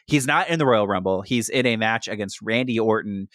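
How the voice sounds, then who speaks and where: A man's voice: lowish voice, brisk, dry recording, studio quality. Man animatedly retelling a wrestling feud. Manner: animated storytelling with quoted voices. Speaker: podcast co-host. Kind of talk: casual podcast chat.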